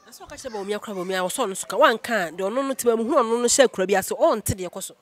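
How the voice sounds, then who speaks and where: Man, high voice, rapid talk, political chat host, animated questions.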